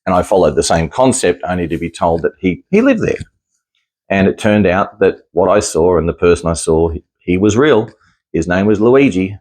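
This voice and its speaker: Deep-voiced man, rambling. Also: normal speed, darkish tone. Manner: rambling, with frequent restarts and easy chuckles. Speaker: psychic medium sharing experiences. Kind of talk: casual talk to camera.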